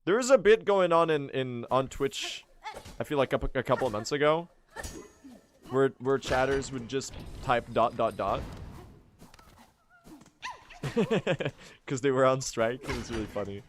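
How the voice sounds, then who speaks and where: A hoarse young man streaming a game, chatting casually with his viewers, laughing often and breaking into loud exclamations. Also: mid-range voice, moderate pace, slight background noise. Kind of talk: casual live-stream chat over gameplay.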